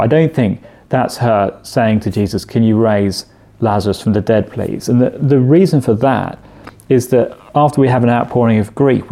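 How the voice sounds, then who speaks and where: Male preacher, mellow warm tone, conversational sermon with rhetorical questions. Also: mid-range voice, vocal fry.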